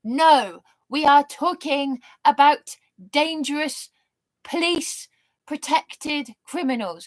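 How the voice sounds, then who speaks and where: A woman in her thirties delivers a slow, drawn-out livestream rant, indignant and full of swearing. Her voice sits a little high and carries a sarcastic edge. The sound is dry and close, with no room echo. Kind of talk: angry monologue on a livestream.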